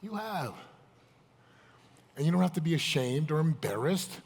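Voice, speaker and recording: A motivational speaker with a fairly high, sing-song voice, creaky, a little mellow and husky, talks at a moderate pace during a seminar. In a large event hall, he emphatically puts questions straight to the live audience, and the hall echoes.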